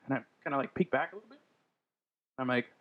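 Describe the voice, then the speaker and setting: A man's voice: medium pitch, fast, phone-quality sound. A man telling a story in casual podcast chat, acting out the quotes. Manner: animated storyteller, acts out quotes. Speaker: podcast host.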